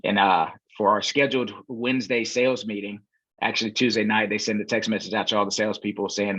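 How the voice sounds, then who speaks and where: A man's voice: on the low side, fast talker, no echo. A man in casual conversation as a podcast guest, telling a long story with lots of fillers and acted-out quotes. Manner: relaxed storyteller, many fillers, acts out quoted voices. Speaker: podcast guest, real estate investor. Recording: dull, dry, lo-fi sound.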